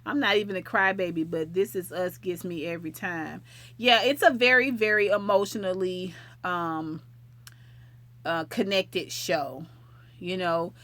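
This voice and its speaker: A woman's voice: on the low side, a little slow, a bit bright, dry recording. A woman hosting a late-night livestream, chatting casually and affectionately with viewers and rambling from topic to topic. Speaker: livestream host.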